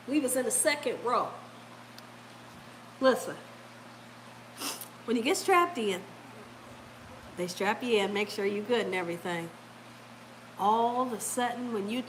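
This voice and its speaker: A woman telling a story casually to her viewers, animated and laughing often as she acts out the people in it. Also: on the high side, slight background noise, low-quality recording. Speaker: vlogger talking to her live chat.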